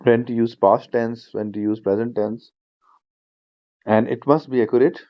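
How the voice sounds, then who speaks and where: A man's voice: mid-range voice, steady tone, moderate pace, no echo, dull audio. Man teaching a speaking class online. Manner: explanatory, repeats points, frequent fillers. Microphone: shared screen video class.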